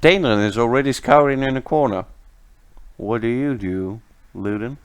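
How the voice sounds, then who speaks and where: A man running a tabletop game as game master, narrating the scene in an unhurried way. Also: medium pitch, clear, resonant tone. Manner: unhurried, lively narration with laughs.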